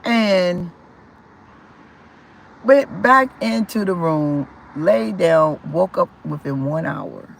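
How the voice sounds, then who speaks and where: A man vlogging casually about his life, rambling with restarts and repeated words, and swinging in loudness and pitch as he talks. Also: animated, drawn-out words, vocal fry. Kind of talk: casual personal storytelling.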